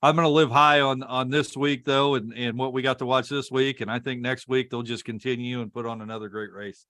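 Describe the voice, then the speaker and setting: A man's voice: medium pitch, steady tone, a little fast, fairly bright tone, dry recording. An American man co-hosting a racing podcast, reading viewer comments aloud and laughing easily. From United States. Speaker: podcast co-host reading chat. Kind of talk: casual chat.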